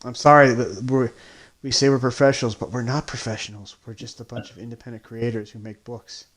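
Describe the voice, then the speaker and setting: Casting note: young adult man, indie comics creator, mid-pitched, hesitant and rambling, lots of restarts. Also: steady tone, fairly quick, fairly bright tone. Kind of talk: casual podcast chat.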